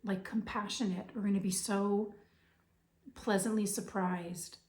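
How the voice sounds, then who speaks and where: A woman with a hoarse voice giving a spiritual reading, hesitant and full of fillers, sometimes dropping to a whisper. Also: medium pitch, steady tone, measured pace, darkish tone, roomy sound. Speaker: intuitive reader.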